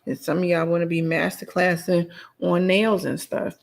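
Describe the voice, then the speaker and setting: With a fairly low, creaky voice and flat delivery at a moderate pace, this podcast host rants on her solo show. She's blunt, sassy and repetitive, responding to her live chat as she goes.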